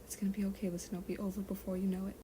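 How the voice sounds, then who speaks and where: A woman's voice: mid-range voice, little pitch movement, rapid-fire, noisy background, lightly acted. A woman reading as a stern, protective male captain. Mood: soothing. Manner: urgent, commanding, then hushed and soothing. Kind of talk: fan fiction read aloud.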